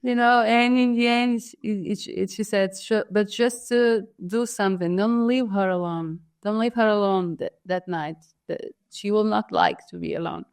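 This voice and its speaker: A Portuguese-accented woman, a guest artist whose first language is Portuguese, tells a personal story in an interview, pausing often, restarting and searching for English words. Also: mid-range voice, steady tone, darkish tone, smooth. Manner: hesitant, many fillers and restarts, searching for words.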